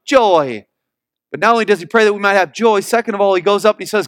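A male pastor preaches emphatically and calls for answers from the congregation. He reads scripture slowly and deliberately. His voice sits very high and the sound is dry and close. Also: fairly bright tone, dry recording. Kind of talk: sermon.

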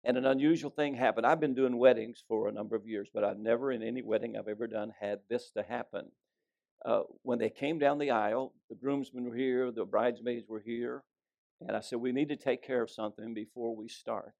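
A man's voice: mid-range voice, steady tone, brisk, gravelly, a little mellow, lo-fi sound. A middle-aged man, a pastor, preaching a sermon in a folksy storytelling way and reading scripture aloud. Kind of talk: sermon with jokes.

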